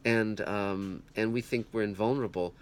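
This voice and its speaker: Man host, lowish voice, earnest rambling film review, faint hiss behind. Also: fairly even intonation. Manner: halting, many restarts and fillers, earnest. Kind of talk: casual spoken film review. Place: home, puppies heard nearby. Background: puppies growling.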